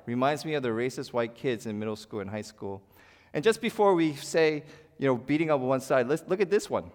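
A man preaching a sermon, his voice rising into loud emphatic bursts and then dropping to a near hush. His pitch sits in a middle range, and a long church reverb trails after his words. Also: lively intonation, a little fast. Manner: dramatic swings between loud emphasis and hushed quiet. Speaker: pastor.

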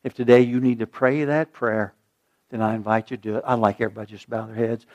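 A male pastor preaching a sermon, swinging from loud emphatic lines to a hushed, slow prayer. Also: medium pitch, level tone, dull audio.

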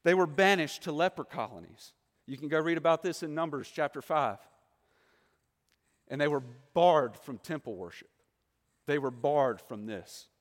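A man's voice: a little high, normal speed. A man preaching a sermon, asking the listeners rhetorical questions and acting out the quoted voices. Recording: long hall reverb.

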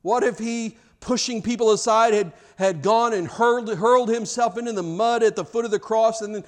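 A man delivers a fervent sermon in a high-pitched voice. He drives his points home through repetition, stumbling over words as he builds toward loud, passionate cries. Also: normal speed. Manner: impassioned, rising to loud cries, repetitive emphatic phrasing. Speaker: preacher.

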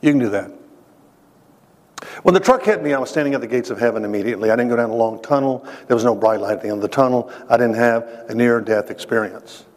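A man's voice: mid-range voice, fast talker, darkish tone. A man giving an earnest, emphatic sermon-style testimony and addressing listeners directly. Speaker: speaker. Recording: long hall reverb.

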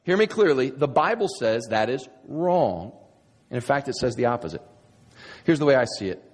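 A man's voice: mid-range voice, sing-song, normal speed, husky. A man preaching a sermon as a pastor, emphatic, firing off sarcastic rhetorical questions. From United States. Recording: long reverb of a large hall.

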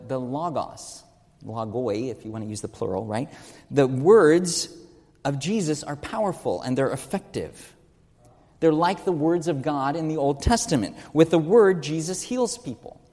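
A man's voice: on the high side, mellow. Man preaching a sermon in a hall. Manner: earnest teaching tone, rhetorical questions, stresses key words.

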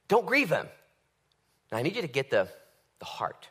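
A man preaching a conversational sermon, swinging from loud bursts to hushed asides. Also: fairly high pitch, wildly swooping pitch, a little slow, slightly rough. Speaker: pastor.

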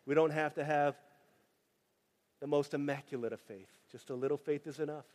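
A man with a high voice preaches a lively, joking sermon, jumping into the voices of the people he tells about. His words ring out with a long reverb, as in a church sanctuary. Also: normal speed. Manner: animated, joking asides, acts out quoted voices. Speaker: pastor.

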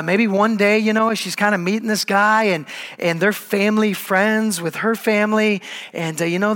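A man preaching a sermon, telling the story in a casual, conversational way with lively asides. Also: high-pitched. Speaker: pastor. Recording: long hall reverb.

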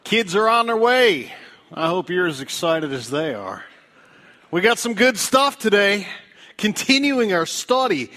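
High-voiced preacher with a lively delivery. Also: male voice. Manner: storytelling with big pitch swings, dropping low and soft for emphasis. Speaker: pastor. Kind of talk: sermon. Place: church.

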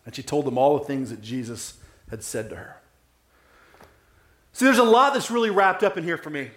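A man preaches at a moderate pace with a roomy sound, his sermon conversational. The pastor peppers it with "right?" and softens to a low voice in emotional stretches.

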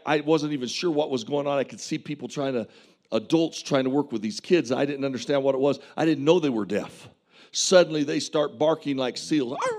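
A man's voice: medium pitch, a little mellow. A man preaching a sermon as a pastor, telling a vivid testimony with earnest, impassioned preaching.

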